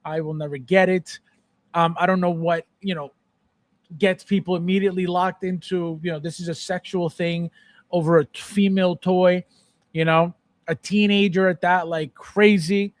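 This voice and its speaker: A man's voice: high voice, fairly even intonation, moderate pace, no room sound. A man hosting a live collector show, ranting with exasperation and repeating himself as he answers chat. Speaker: podcast host. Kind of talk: live-stream chat with viewers.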